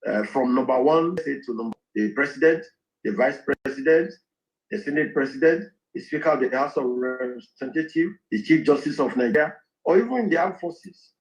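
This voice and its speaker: A man making a formal argument in a played clip, laying out his points in measured lists. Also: medium pitch, lively intonation. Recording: dull lo-fi clip.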